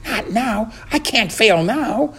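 A man voicing a small, brave young male mouse who drives a toy ambulance, in a squeaky, earnest voice for a storybook reading. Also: expressive, slow, creaky, very noisy, heavily acted. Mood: desperate.

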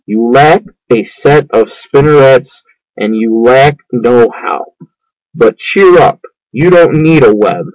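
A man voicing a wise, kind female spider who speaks calmly and patiently, reading a storybook aloud. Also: mid-range voice, slow pace, dry recording, low-quality recording. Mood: gentle. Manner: calm, patient, instructing.

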